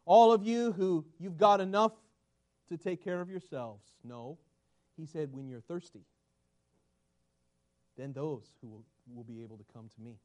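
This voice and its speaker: Male pastor, high-pitched, preaching in church, loud then hushed. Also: a little slow, long pauses. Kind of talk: sermon.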